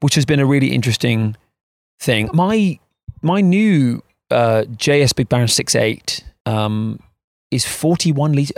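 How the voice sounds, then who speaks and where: A man's voice: mid-range voice, animated, measured pace, gravelly, no room sound, clean studio sound. A man co-hosting a podcast, chatting in a rambling, self-mocking way. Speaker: podcast co-host. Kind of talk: casual chat.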